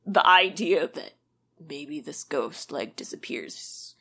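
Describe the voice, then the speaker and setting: A woman's voice: low voice, expressive, slow pace, vocal fry, a bit bright, breathy edge. A woman co-hosting a podcast, casually recounting a true crime ghost story with lots of fillers. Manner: conversational storytelling with many fillers and "like". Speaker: podcast co-host.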